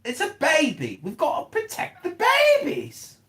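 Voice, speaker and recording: A woman's voice: sits high, wildly swooping pitch, moderate pace, fairly bright tone. Woman ranting in a mock British accent. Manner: mock British accent, crude mocking insults. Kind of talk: heated comedic podcast banter. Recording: echoey room.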